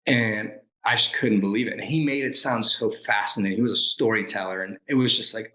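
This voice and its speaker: A man's voice: fairly low pitch, brisk, hardly any pauses, reverberant, low-quality recording. A man in his forties, a guest and former Navy SEAL, telling his life story in an interview and acting out the lines people said to him. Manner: animated storyteller who acts out quoted lines and laughs at himself.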